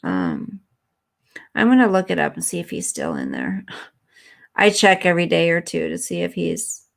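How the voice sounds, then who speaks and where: A woman's voice: lowish voice, big pitch swings, normal speed, vocal fry. A woman hosting a live stream, chatting earnestly and emotionally with viewers and reading their comments.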